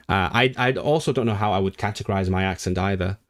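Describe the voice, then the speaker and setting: A man's voice: low voice, fast talker, fairly bright tone. A man casually talking to his live-stream viewers, rambling with frequent restarts and fillers. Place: living in the North of England.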